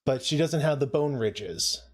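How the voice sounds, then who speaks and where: A man's voice: medium pitch, animated, unhurried. A man co-hosting a live watch-along, chatting casually, laughing often and making playful asides. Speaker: co-host of a show watch-along.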